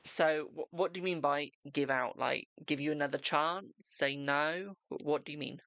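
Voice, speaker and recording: A man's voice: fairly high pitch, normal speed, sharp tone, smooth, dry recording. Chatty man reading tarot live. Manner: chatty, affectionate, calls viewers darling and boo. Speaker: tarot reader hosting a live stream. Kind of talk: casual live-stream chat with viewers.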